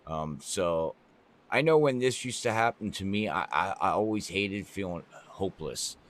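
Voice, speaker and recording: Very deep-voiced race analyst, man. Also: normal speed. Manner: rambling, relaxed analysis with restarts. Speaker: color commentator. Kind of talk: live sim racing commentary.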